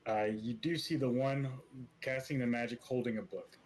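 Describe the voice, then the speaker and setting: A man narrating as game master of a tabletop role-playing game, relaxed and full of hesitations. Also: mid-range voice, normal speed, slight background noise, low-quality recording. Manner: relaxed, hesitant with many fillers.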